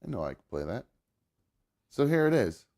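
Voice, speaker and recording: A man's voice: medium pitch, very animated, normal speed, a little mellow. A man hosting a casual podcast, rambling with lots of fillers and restarts, sentimental and muttering to himself as he fiddles with his setup. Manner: sentimental, gets choked up. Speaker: podcast host. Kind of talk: casual chat.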